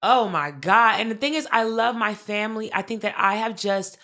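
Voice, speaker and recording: A woman co-hosting a podcast in casual chat, telling a family story with lively acted-out quotes and plenty of swearing. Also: a little high, moderate pace. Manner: animated storytelling, acts out quoted family members, frequent swearing. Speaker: podcast co-host.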